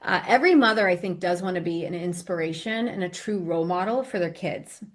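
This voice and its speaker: A woman's voice: lowish voice, fairly quick. A middle-aged woman hosting an interview podcast, effusive, enthusiastic and motivational in casual chat. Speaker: podcast host and coach.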